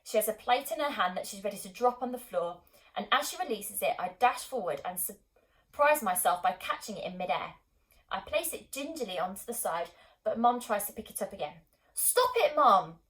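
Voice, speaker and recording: A woman narrating an audiobook in a calm, measured storytelling manner. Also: mid-range voice, rough recording. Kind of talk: scripted narration.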